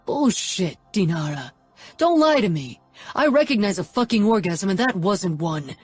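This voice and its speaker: A woman's voice: low voice, measured pace, mellow, breathy edge, no echo, faint music behind. A woman reading an audiobook and voicing an angry young mafia man who snarls and swears.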